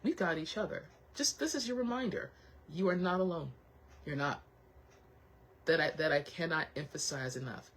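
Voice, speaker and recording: A woman's voice: deep voice, normal speed, a bit bright, rough recording. A woman hosting a casual motivational chat, encouraging and heartfelt, who thinks aloud with frequent restarts and repeats her reassurances. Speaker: host.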